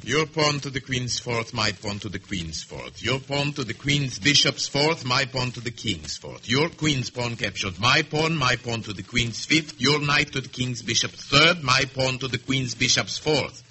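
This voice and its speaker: An actor playing a bored, cruel general in a 1950s radio drama, speaking in a sardonic, contemptuous, measured way. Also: male voice, medium pitch, lively intonation, sharp tone, slight background noise. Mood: cool. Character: bored, cruel middle-aged male general.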